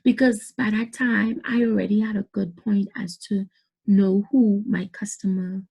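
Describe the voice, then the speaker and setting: A woman's voice: mid-range voice, fairly even intonation, unhurried, vocal fry, a little mellow, breathy edge. A middle-aged woman, giving emphatic motivational business advice to camera and repeating points for stress. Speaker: business coach.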